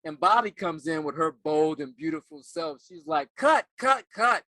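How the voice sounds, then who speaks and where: A middle-aged man, an actor turned life coach, telling a personal story in an earnest, halting way and often repeating words as he remembers. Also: a little high, fairly bright tone.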